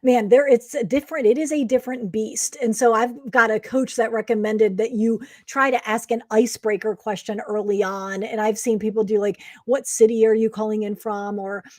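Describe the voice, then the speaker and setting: A woman's voice: fairly high pitch, steady tone, moderate pace, few pauses, no room sound, studio quality. A woman hosting an event and questioning her guests in a loose, conversational way. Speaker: host. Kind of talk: hosting an online event interview.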